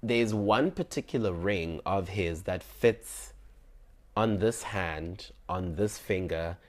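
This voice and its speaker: A young man, telling a personal story in an animated, dramatic way and acting out his own dialogue. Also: low voice, takes it slowly. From South Africa.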